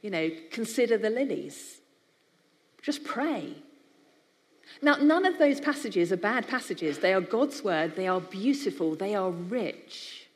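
A woman's voice: medium pitch, expressive, normal speed, hardly any pauses. A woman from the United Kingdom giving a conversational sermon-style talk to a live audience, speaking as a biblical counselling speaker. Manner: warm conversational preaching with acted-out voices. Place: large hall with an audience. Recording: long hall reverb.

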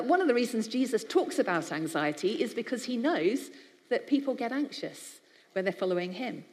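Woman, from the UK, conversational sermon, live audience, long hall reverb. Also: mid-range voice. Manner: warm conversational preaching with acted-out voices. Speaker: speaker for a biblical counselling charity.

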